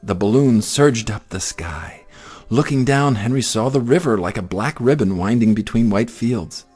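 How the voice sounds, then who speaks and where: A man reading a children's picture book aloud in an expressive, sing-song storytelling manner. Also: medium pitch, normal speed, husky, faint music behind.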